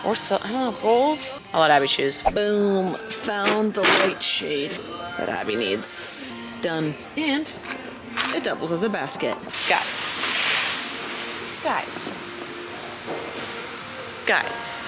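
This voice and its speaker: A woman's voice: medium pitch, very animated, measured pace, loud music behind the voice. A woman chatting casually to her camera in a rambling, self-mocking vlog as she goes about her errands. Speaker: vlogger. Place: at home and out on errands.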